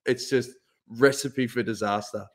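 A man's voice: mid-range voice, fairly even intonation, unhurried. Kiwi guy hosting a podcast, easygoing and jokey, everyday voice. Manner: laid-back, chatty, jokey. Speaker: podcast host. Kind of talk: casual chat.

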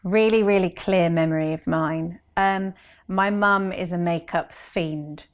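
Interview guest: woman, slightly low voice, chatty, acts out quotes. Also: steady tone, a little slow. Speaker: guest, brand consultant. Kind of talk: conversational interview.

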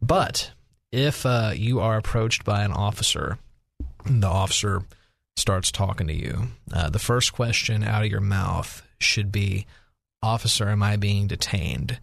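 A man's voice: fairly low pitch, a little slow, creaky, a bit bright, dry recording, clean studio sound. A man, an attorney on a radio talk show, explaining legal advice step by step. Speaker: attorney guest.

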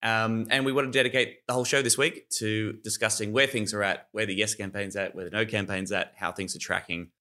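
Male podcast host, lower voice, bright edge, jokey and upbeat. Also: little pitch movement, a little fast, hardly any pauses. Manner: upbeat and jokey, with easy laughter. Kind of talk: conversational podcast hosting. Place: recording remotely from abroad.

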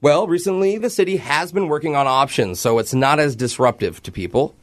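A man on a radio show making a prank phone call, politely deadpan as a fake city clerk. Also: fairly high pitch, fairly quick. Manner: mock-polite, deadpan, breaks into laughter.

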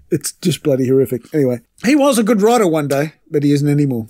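A man's voice: a little high, very animated, fast, dark tone. A man co-hosting a casual sports podcast, blunt, opinionated and sweary. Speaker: podcast co-host.

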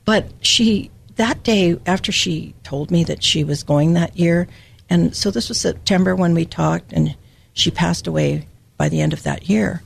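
A woman's voice: lowish voice, unhurried, creaky, slightly rough. An older woman from Hawaii giving a personal, emotional devotional Bible teaching as a podcast host.

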